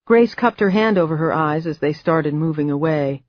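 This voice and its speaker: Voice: mid-range voice, normal speed, lo-fi sound. A narrator reading a thriller audiobook with dry, wry storytelling. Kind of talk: scripted narration.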